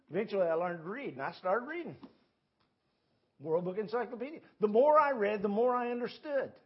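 A man's voice: high-pitched, breathy edge, muffled recording. A man preaching a sermon in a church, telling a Bible story in a folksy way. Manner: storytelling, folksy, with quoted voices. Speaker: pastor. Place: church sanctuary.

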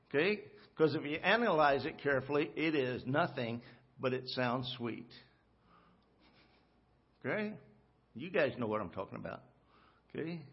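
A man with a fairly high, husky voice preaches in a folksy, joking way, often checking in with his listeners. The recording is a little muffled and dull, like church audio. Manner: folksy, joking, talks to the congregation with frequent "okay?". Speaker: pastor. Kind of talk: sermon.

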